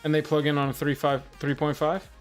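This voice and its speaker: A man's voice: a little high, flat delivery, a little fast, faint music behind. A man co-hosting a casual livestream, talking someone through an audio setup and hyping up the show with joking, announcer-style flourishes. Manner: playful, joking, announcer-like hype. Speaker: livestream co-host.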